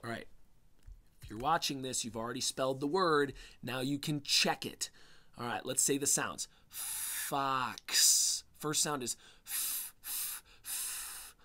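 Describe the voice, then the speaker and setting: A man teaching a spelling lesson to young children, sounding out each letter slowly and encouragingly. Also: medium pitch, sharp tone. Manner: slow, exaggerated phonics sounds, encouraging.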